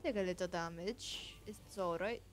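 A woman's voice: on the low side, normal speed, faint music behind. A woman hosting a gaming channel, giving casual commentary as she plays and muttering, often cursing at the game.

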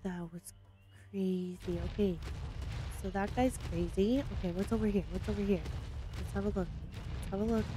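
A woman hosting a solo gaming video, chatting casually through her play with panicky, excitable outbursts. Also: mid-range voice. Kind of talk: casual gameplay commentary.

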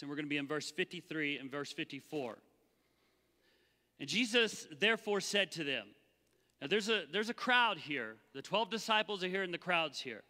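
Pastor, male, high and very bright voice, animated sermon, church hall reverb. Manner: animated, acts out the Bible voices. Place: church sanctuary.

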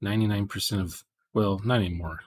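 A man's voice: fairly low pitch, steady tone, fast, a little mellow, slightly rough, no echo. A man hosting a programming livestream, rambling in casual chat and muttering to himself as he codes. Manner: rambling, muttering asides while coding.

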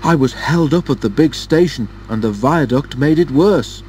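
A man's voice: fairly high pitch, lively intonation, moderate pace, a little mellow, far from the mic, slight background noise, voice pushed up, lightly acted. A man doing a puffing, apologetic engine. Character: male engine, breathless and apologetic. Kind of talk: storybook reading.

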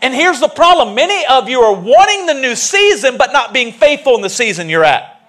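Male pastor, lively high delivery, storytelling sermon in a church. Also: a little fast. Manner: animated, jokey storytelling preaching. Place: church sanctuary.

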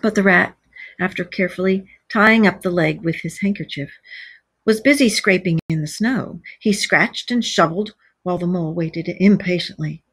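A woman's voice: fairly low pitch, normal speed, fairly bright tone, husky, no echo. A woman teacher reading a story aloud to children and patiently explaining words.

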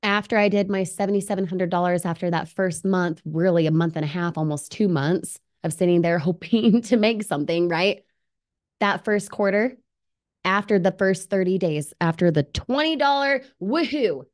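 A woman presenting a live online webinar, upbeat and persuasive, often asking viewers questions and reading their comments aloud. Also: lowish voice. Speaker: livestream presenter.

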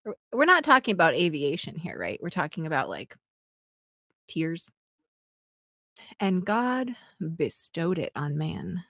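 A woman co-hosting a podcast, reading a passage aloud in a slow, breathy, mock-sultry voice that drops into whispers and draws words out. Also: lowish voice, wildly swooping pitch, sharp tone, dry recording, studio quality. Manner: breaks into giggles. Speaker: podcast co-host.

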